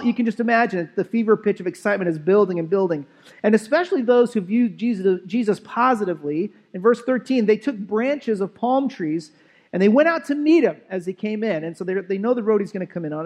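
Male pastor, high voice, relaxed conversational sermon in a church. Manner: conversational, asks the congregation "right?". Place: church sanctuary.

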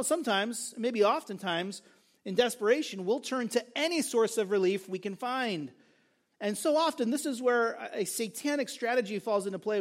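A male pastor preaching a sermon, earnest and emphatic, repeating key phrases for stress. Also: high-pitched.

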